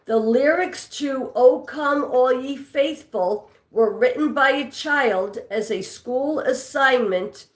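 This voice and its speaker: A woman's voice: high voice, slow pace, hardly any pauses. Chatty New York woman, echoey room. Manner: chatty, reads and answers viewer comments. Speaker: live stream host. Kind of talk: live trivia stream, reading chat.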